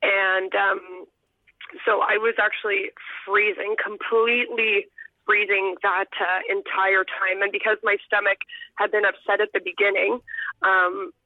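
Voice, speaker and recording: A woman's voice: medium pitch, little pitch movement, unhurried, dry recording. A young adult woman, an elementary school teacher, telling a personal story in an earnest, heartfelt way as a guest over the phone. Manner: earnest, heartfelt, sometimes choked up. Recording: tinny phone line, dry.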